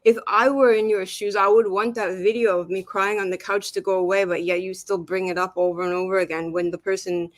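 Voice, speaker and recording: A woman's voice: mid-range voice, level tone, a little fast, hardly any pauses, no echo. A woman talking on a livestream in a casual chat, rambling and interrupting herself as she gets heated. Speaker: guest on a livestream talk.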